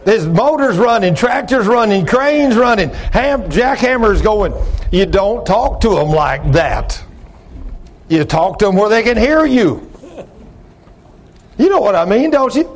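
Loud gruff older preacher man. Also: high voice, lively intonation, a little slow. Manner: loud, gruff, rising into shouts when acting out stories; plain-spoken, ungrammatical storytelling with audience questions. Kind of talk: folksy sermon.

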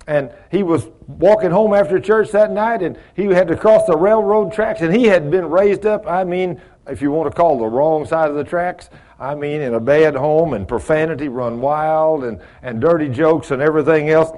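A man's voice: on the high side, moderate pace, few pauses, darkish tone. A man teaching a Bible study in a folksy, conversational way, asking the group questions and acting out little exchanges. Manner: folksy, asks the group questions, acts out dialogue.

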